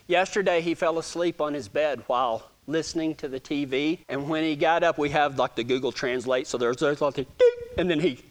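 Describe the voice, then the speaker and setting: A man's voice: fairly high pitch, fairly quick. A man with a Texan accent, talking casually to a gathering in a folksy, self-joking way and often stammering and restarting his sentences. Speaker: speaker addressing a gathering. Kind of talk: casual storytelling talk to an audience.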